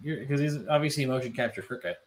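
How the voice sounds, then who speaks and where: Animated man chatting with lots of "like". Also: mid-range voice, fast, a little hiss or hum. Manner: animated, swearing, many "like" fillers, mimics voices. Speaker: podcast co-host. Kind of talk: casual chat.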